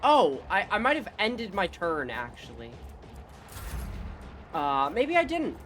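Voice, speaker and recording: A woman streamer giving excitable, casual commentary on a game. She swears freely and reads game dialogue aloud. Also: medium pitch, takes it slowly, slight background noise.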